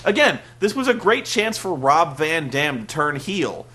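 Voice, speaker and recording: A man with a high, bright, sharp-edged voice delivers a rambling rant as a show host. He sounds exasperated and sarcastic, swears freely and keeps restarting his sentences. The talk is loose and full of filler words. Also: very animated, a little slow. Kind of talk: ranting monologue review.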